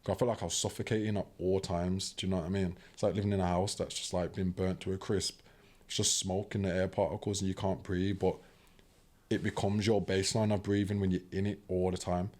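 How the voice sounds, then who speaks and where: Podcast guest: young British man, low voice, animated casual storytelling. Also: brisk. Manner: animated, acts out quoted voices; fills talk with "do you know what I mean".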